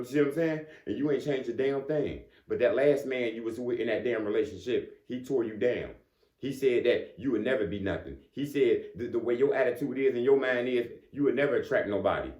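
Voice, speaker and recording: Speaking in a medium-pitched, slightly mellow voice, a man gives a relaxed motivational talk in an echoey space. He chats with his listeners, keeps checking "you know what I'm saying," and laughs softly between points.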